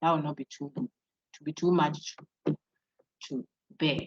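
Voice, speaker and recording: A woman's voice: deep voice, steady tone, slow, a little mellow, slightly rough. A woman giving an online university philosophy lecture, coaching students to repeat names after her. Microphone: video call. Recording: dull lo-fi online call audio.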